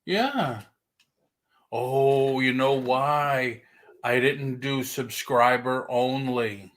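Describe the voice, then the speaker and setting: A man's voice: medium pitch, very slow, fairly bright tone. Joking, chatty male livestream host. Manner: joking, chatty, reads viewer comments aloud. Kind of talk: casual chat. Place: home livestream.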